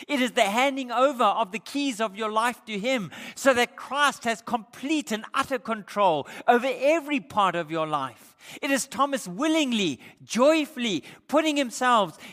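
A man preaching a sermon, emphatic, growing louder when he quotes scripture. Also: very high-pitched. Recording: long hall reverb.

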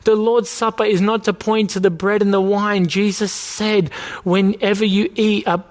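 A man's voice: sits high, little pitch movement, moderate pace. A man preaching a sermon as the church's pastor, earnest, pressing his listeners with repeated questions.

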